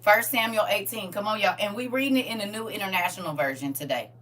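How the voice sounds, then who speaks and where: A woman leads a live-streamed Bible lesson with a bright, forceful voice, her tears close to the surface. She talks to her viewers in a chatty, animated way, calling them baby and honey. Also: medium pitch, fast, far from the mic, slight background noise. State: tearful, emotional. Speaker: Bible study host.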